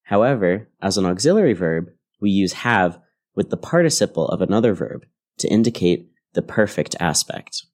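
A man with a low, deep voice teaches English grammar on a podcast. He reads his scripted lesson in a clear, measured way. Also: animated, a little mellow. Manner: clear, measured explanatory delivery.

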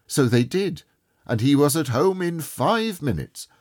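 A man's voice: fairly high pitch, expressive, unhurried, a little mellow, no echo, studio quality. A middle-aged man narrating a classic story expressively. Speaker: audiobook narrator.

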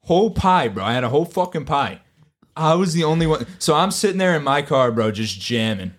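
Male co-host, casual podcast banter, animated storyteller, acts out dialogue, profane. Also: mid-range voice, brisk. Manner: animated storyteller, acts out quotes, swears often. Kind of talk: casual chat.

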